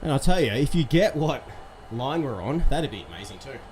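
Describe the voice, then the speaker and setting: Casual male streamer, friendly quizmaster energy, mid pitch, mid-workout, noisy room. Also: sing-song, fairly quick, darkish tone. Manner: chatty, upbeat, quizzing viewers. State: slightly out of breath from exercise. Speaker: live-stream host. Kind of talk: casual live-stream chat. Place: indoors on an exercise bike.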